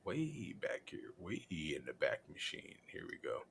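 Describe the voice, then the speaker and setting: A man's voice: a bass voice, wildly swooping pitch, a little slow, vocal fry, a bit bright, a little hiss or hum. A man hosting a casual chat on a live show, jokey, laughing often and riffing on his co-hosts. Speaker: host.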